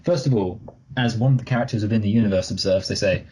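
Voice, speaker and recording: A man with a low, husky voice talks through a film in a loose, rambling way, with a dark, mellow tone. He corrects himself often and slips in joking asides while co-hosting a casual review chat. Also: fast talker, rough recording. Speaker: podcast co-host.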